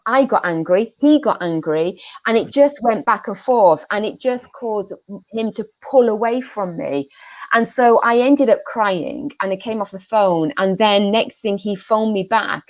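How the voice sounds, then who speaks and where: A middle-aged woman speaks as a guest on an interview podcast, earnest and reflective, at an ordinary pitch. She recalls painful events haltingly, repeating and restarting her words as she searches for them. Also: poor audio. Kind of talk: reflective personal account in an interview.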